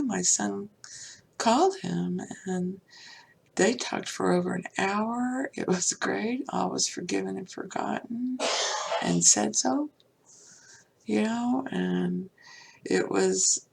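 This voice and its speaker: A woman's voice: medium pitch, gravelly, a little hiss or hum. An older woman hosting a spiritual podcast, talking personally and heartfelt in a rambling way with many fillers. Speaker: podcast host.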